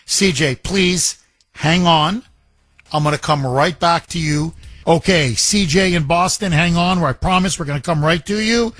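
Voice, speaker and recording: A brash male talk radio host with a high, bright voice, recorded dry and close on a studio microphone. He talks in a taunting, laughing way to callers and his producer. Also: measured pace, no echo.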